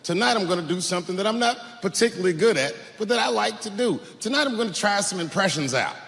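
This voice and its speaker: A man doing live stand-up on a large theater stage. His storytelling is profane and animated, and he shouts his punchlines. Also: high voice, fast talker, gravelly. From Washington, D.C. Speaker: stand-up comedian. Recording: echoey hall with live audience noise.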